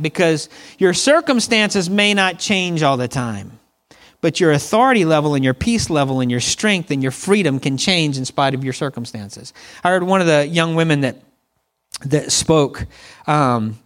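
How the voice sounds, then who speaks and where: A middle-aged man delivers a sermon in a conversational way. His voice sits a little high, and he keeps calling on the congregation to repeat lines back to him. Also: animated, moderate pace, a bit bright. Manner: conversational preaching with congregation call-and-response. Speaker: pastor.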